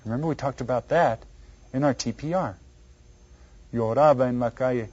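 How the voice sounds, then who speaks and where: A man teaching an elementary Spanish lesson to children, repeating each word slowly and quizzing the listener. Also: medium pitch, a little mellow. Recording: dull lo-fi recording.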